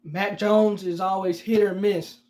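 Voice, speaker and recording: A man's voice: high voice, fairly even intonation, measured pace, a little mellow. A man hosting his own sports podcast, ranting heatedly and mockingly at rival fans and repeating himself for emphasis. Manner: heated, repetitive, addresses fans directly; mocking and teasing. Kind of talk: solo sports rant.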